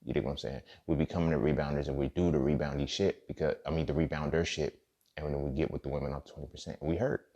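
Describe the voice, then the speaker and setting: A man's voice: a bass voice, fairly even intonation, fast, mellow, muffled recording. A man hosting a podcast, telling a personal story in a loose, slangy, profane way and often checking in with "you feel me.". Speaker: podcast host. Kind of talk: casual storytelling monologue.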